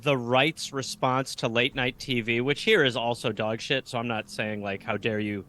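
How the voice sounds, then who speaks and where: Bright-voiced American man riffing animatedly. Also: mid-range voice. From United States. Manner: animated, profane riffing with rapid asides. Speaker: comedian guest. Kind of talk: casual chat. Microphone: video call.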